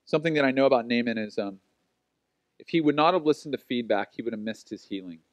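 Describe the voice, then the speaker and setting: A man in his forties preaching a sermon, telling personal stories in an animated, self-mocking way. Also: mid-range voice, fast, no room sound, muffled recording. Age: 40s. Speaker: pastor.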